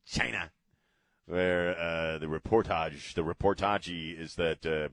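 A man's voice: low voice, steady tone, takes it slowly, a bit bright, no room sound. A middle-aged man hosting a casual talk radio show from a studio, rambling and joking off the cuff. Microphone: studio mic.

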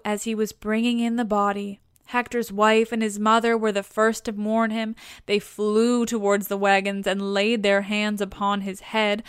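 A woman reading an epic story aloud as a narrator, in a steady, measured way. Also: on the high side, clean tone, no room sound, clean studio sound. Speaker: audiobook narrator.

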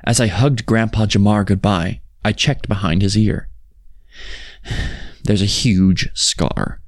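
Deep-voiced man reading a horror story. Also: a little mellow, dry recording, clean studio sound. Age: 60s. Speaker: story narrator. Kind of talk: scripted narration of a horror story.

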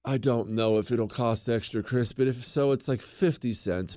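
A man's voice: mid-range voice, animated, moderate pace, few pauses, darkish tone, no echo, studio quality. Sarcastic man hosting a political show. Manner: sarcastic, teasing, exasperated. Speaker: political commentary host. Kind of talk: sarcastic monologue.

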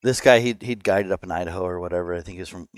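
A man hosting a podcast, telling stories in a casual, animated way and laughing often. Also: low voice, racing, dry recording, studio quality. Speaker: podcast host. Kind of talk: casual chat, storytelling.

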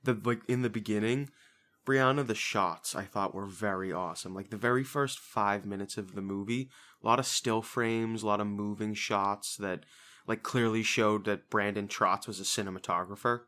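A young man talks through a film review in a relaxed podcast chat. His voice sits fairly low, and he rambles, restarting sentences and leaning on fillers. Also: moderate pace. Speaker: podcast co-host. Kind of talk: casual movie review chat.

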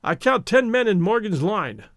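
A man's voice: high voice, very animated, normal speed, a bit bright, no echo, clean studio sound, full character voice. A man voicing a jovial, boisterous Irish fighter who teases his foes, read aloud as part of a story. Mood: jovial, teasing. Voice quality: boisterous, mocking.

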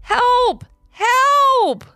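A woman voicing a young boy who yells desperately for help. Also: high-pitched, expressive, moderate pace, no room sound, pitched above the performer's own voice, heavily acted. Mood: panicked. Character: panicky young boy trapped and calling out.

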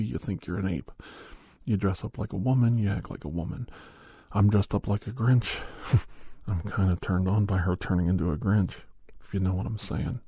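A man's voice: lowish voice, warm tone, slightly rough, no echo, clean studio sound. A man in a Grinch costume telling a rambling comedic story, digressive and often half whispering.

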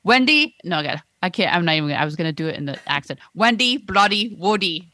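A woman's voice: deep voice, animated, racing, pushed and bright. A woman co-hosting a podcast, reading listener messages aloud in a dry, teasing way. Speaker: podcast co-host.

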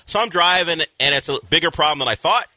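A man co-hosting sports radio, teasing the others and telling a story in a wry, animated way. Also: fairly high pitch, fast, dry recording.

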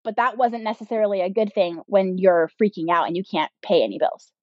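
A woman's voice: mid-range voice, brisk, no echo. Candid woman telling her story, lo-fi. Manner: candid, with frequent "like" and "um" fillers. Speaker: podcast guest, business owner. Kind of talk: personal storytelling in an interview. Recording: dull, slightly lo-fi sound.

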